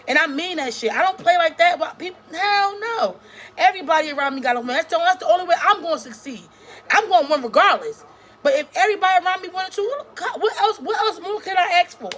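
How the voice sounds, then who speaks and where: A woman's voice: high voice, a bit bright. A woman in her thirties, a small-time YouTuber, ranting to her viewers in a blunt, profane vlog full of restarts. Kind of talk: casual vlog rant to camera.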